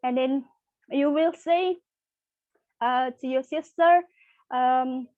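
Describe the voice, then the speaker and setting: A young woman teaching a practice lesson in a high voice, pausing often and filling gaps with fillers. She speaks slowly and keeps restarting her sentences. The sound is dull and dry. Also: a little mellow, no room sound. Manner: halting, many fillers and restarts. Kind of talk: microteaching English lesson.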